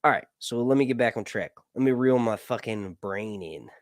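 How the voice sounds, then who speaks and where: A man's voice: fairly low pitch, animated, moderate pace, no room sound, studio quality. A man hosting a casual livestream Q&A, rambling through fantasy lore and swearing casually. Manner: rambling, swears casually, asks "right?" often. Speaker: host of a livestream Q&A.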